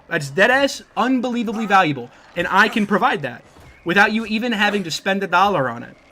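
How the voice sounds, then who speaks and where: A man live-streaming and chatting casually with viewers, excitable and profane, thanking new followers by name. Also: fairly high pitch, slight background noise.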